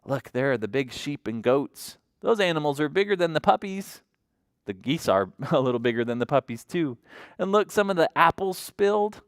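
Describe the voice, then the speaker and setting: A woman's voice: low voice, animated, normal speed, dry recording, studio quality. A woman librarian reading a picture book at toddler story time in a sing-song, coaxing voice, often asking the children questions.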